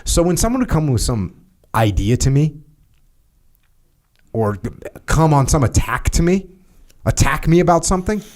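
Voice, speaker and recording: An American man, a former Navy SEAL leader, talking through leadership in a steady, matter-of-fact podcast conversation with casual fillers. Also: a little high, normal speed, long pauses. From United States.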